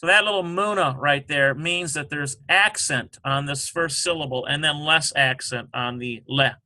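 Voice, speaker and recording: A man slowly working through a language exercise, sounding out syllables and spelling letters one by one. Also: fairly high pitch, sharp tone. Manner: slow and halting, sounding out syllables. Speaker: Hebrew teacher. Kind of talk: screen-recorded lesson walkthrough.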